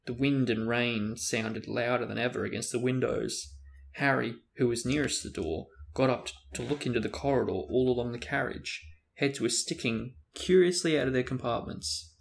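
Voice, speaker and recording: A man hosting a show, reading a novel aloud in steady narration with occasional stumbles. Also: medium pitch, moderate pace, creaky. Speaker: host reading a book aloud. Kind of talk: book reading with character voices.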